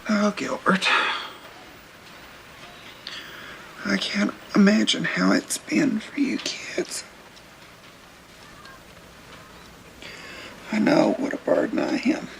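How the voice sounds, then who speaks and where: A woman's voice: mid-range voice, normal speed, slight background noise, natural voice, low-quality recording. An actress playing a weary, protective housebound mother in film dialogue, pleading and emotional. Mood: sorrowful. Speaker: film character.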